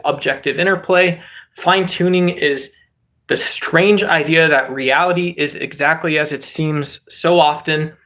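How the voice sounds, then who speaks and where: A man with a notably high speaking voice rambles through a casual vlog. He muses aloud and then drifts into jokes. The sound comes from a phone propped on a box. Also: a bit bright. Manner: rambling, jokey, musing. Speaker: channel host. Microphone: phone resting on a box.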